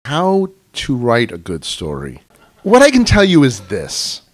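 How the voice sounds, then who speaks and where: A man's voice: mid-range voice, huge pitch swings, unhurried. A man as guest speaker at a writers club, telling anecdotes in a casual, chatty way full of "you know". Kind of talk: casual storytelling talk to an audience. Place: club meeting room.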